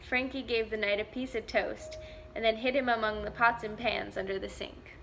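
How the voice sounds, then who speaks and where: A woman volunteer reading a picture book aloud to young children, slow, gentle and clear. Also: mid-range voice, a little hiss or hum. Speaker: volunteer story reader. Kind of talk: children's story read-aloud.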